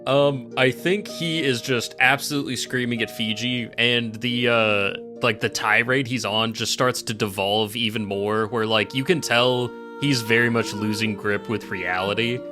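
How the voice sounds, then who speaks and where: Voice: medium pitch, steady tone, unhurried, hardly any pauses, music in the background. A player in a tabletop game narrating his character's end in a loose way, with many fillers.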